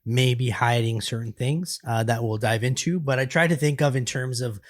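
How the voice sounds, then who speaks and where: A man's voice: medium pitch, fairly even intonation, normal speed, no room sound, studio quality. Easygoing man co-hosting a gaming podcast. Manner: easygoing, laughs often, thinks aloud. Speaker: podcast co-host. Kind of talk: casual gaming podcast chat.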